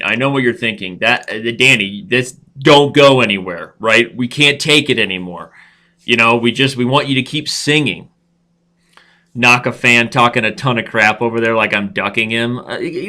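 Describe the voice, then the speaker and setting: Man, young, live chess show host, goofy, rambling, bright tone. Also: mid-range voice, a little fast. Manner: goofy, rambling, breaks into singing.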